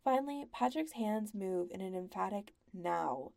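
A woman narrating a story in an even, measured audiobook style. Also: medium pitch, vocal fry.

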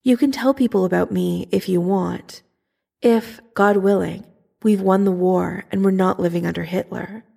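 A woman's voice: mid-range voice, steady tone, normal speed, vocal fry, warm tone. A woman voicing a young male soldier writing an earnest, yearning love letter, in a fan fiction audiobook reading. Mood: tender.

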